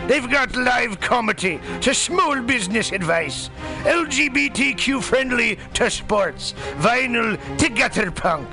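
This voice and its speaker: A man doing a high, hearty pirate captain. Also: animated, a little slow, creaky, exaggerated voice, low-quality recording. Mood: rousing. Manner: hearty seafaring pirate-speak. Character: boisterous male pirate captain hawking a station. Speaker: announcer in a station promo. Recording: promo with a loud music bed.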